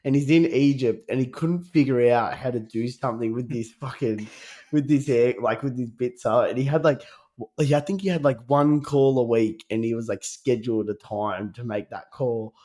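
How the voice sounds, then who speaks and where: A man's voice: medium pitch, moderate pace, dark tone. Easygoing man telling stories. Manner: easygoing, says bro a lot, keen storyteller. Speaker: podcast co-host. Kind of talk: casual chat.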